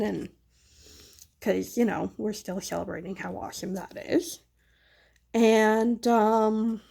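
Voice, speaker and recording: A woman's voice: on the high side, gravelly, warm tone. A woman crafting on her own channel, chatting casually in a rambling, candid and self-deprecating way. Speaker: craft vlogger and mother. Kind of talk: casual chat while crafting.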